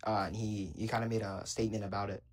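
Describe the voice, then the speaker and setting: A man's voice: on the low side, flat delivery, fast, rough recording. A young man calling into a live debate, talking casually and hesitantly with lots of fillers. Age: young adult. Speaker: caller.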